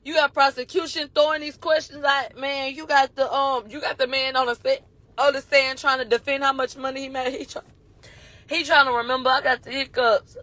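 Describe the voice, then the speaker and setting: High-pitched woman retelling a court case, cursing, dry close sound. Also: flat delivery, brisk, a bit bright, no echo. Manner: blunt and profane, acts out the quoted dialogue. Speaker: commentator recapping a court case. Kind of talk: casual retelling.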